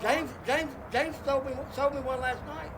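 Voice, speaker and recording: A man's voice: extremely high pitch, steady tone, moderate pace, noisy background, voice pushed up. A man putting on a joking small-town man who teases his friends about selling a cheap phone. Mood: teasing. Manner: rowdy, teasing banter.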